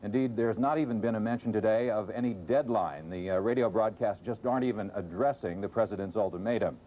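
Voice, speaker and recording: A man reporting as a news correspondent in a measured way, on a dull lo-fi broadcast. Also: fairly low pitch, warm tone, slight background noise.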